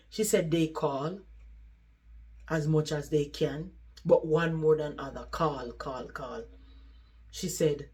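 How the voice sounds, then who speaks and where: A woman's voice: low voice, slow pace, pauses often, a little mellow. Woman earnestly retelling a story. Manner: earnest, conversational retelling with many "she said" tags. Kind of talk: storytelling vlog.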